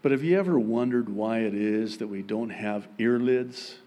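A man preaching a sermon as pastor, with emphatic, raised high-pitched points broken by quiet, joking asides. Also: normal speed, a little hiss or hum. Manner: humorous, self-deprecating asides.

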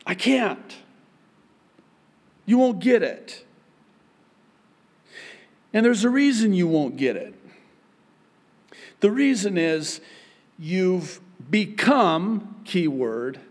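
Slow, emphatic male preacher. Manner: emphatic, jumps from raised high emphasis to quiet asides; humorous, self-deprecating asides. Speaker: pastor. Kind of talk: sermon.

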